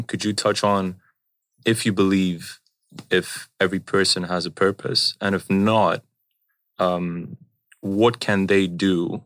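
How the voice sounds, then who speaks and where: A man hosting a podcast and asking a guest a calm, measured question. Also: low-pitched, no echo. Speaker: podcast host. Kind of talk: interview questions.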